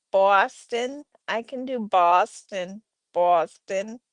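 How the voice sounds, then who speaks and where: A woman with a smooth, mid-range voice hosts a casual livestream from home, recorded dry. She chats away, reading viewer comments and calling both her chat viewers and her pets by name.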